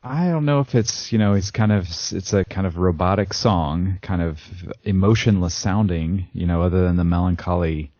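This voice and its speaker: A man, a guest on a podcast, talking in a relaxed, agreeable way in a casual discussion. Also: low-pitched, normal speed, hardly any pauses, no echo, dull audio. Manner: relaxed, agreeable, chuckles often.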